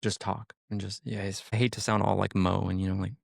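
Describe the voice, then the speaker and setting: A man's voice: low voice, level tone, fairly quick, gravelly, no echo, clean studio sound. A man, a sheriff's deputy, talking in a casual podcast chat, rambling with lots of "like" and "you know" and swearing freely.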